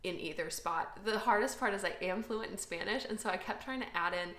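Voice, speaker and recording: An American woman in her late twenties co-hosts a podcast, chatting casually in a self-deprecating way full of fillers. Her medium-pitched voice is a bit bright and a little fast, recorded in an echoey room.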